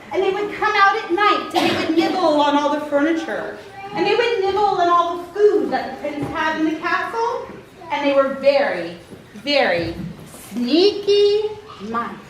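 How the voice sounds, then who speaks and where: Animated woman telling a story to kids. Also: very high voice. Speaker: storyteller leading a children's show. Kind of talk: interactive storytelling to children. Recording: echoey hall from far off, noisy.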